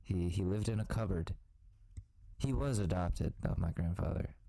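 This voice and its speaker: A man co-hosts a loose, comedic podcast chat, riffing and tossing in quick put-on voices. His voice sits low and mellow, with a relaxed warmth. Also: creaky, no room sound, poor audio. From part Korean family. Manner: jokey, slips into silly put-on voices. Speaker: podcast co-host.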